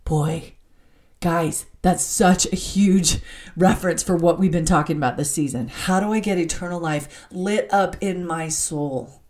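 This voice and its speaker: A woman teaching from the Bible in an animated, excitable way, laughing as she reads scripture aloud. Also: lowish voice, moderate pace.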